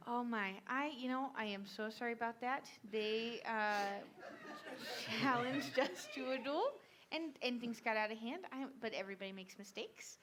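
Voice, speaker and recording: A woman's voice: a little high, moderate pace, noisy background. A woman player role-playing her character at a tabletop game, bubbly and eager to please.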